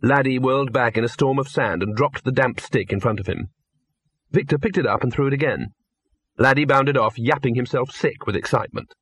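A man narrating an audiobook in a measured, dry storytelling manner. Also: medium pitch, a bit bright, slightly rough. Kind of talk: audiobook narration from tape sides.

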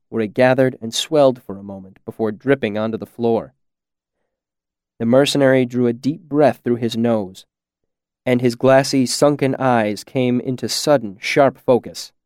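A man narrating a novel in a measured, deliberate storytelling manner. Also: medium pitch, a little mellow, dry recording, clean studio sound.

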